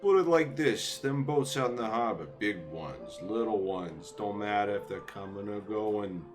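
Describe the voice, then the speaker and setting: A man's voice: fairly low pitch, lively intonation, unhurried. A man voicing a boastful tough-guy warehouse guard in a video game, with a put-on Italian-American gangster accent and a threatening, bragging manner. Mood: swaggering. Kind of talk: reading game dialogue aloud. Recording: game music behind. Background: video game music.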